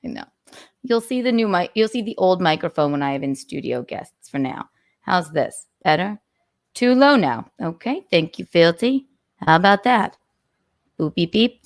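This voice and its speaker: The streamer's fairly low voice has lively intonation and moves at normal speed. Playful and theatrical in her casual way, she hums nonsense sounds as she tweaks the volume on her own studio mic.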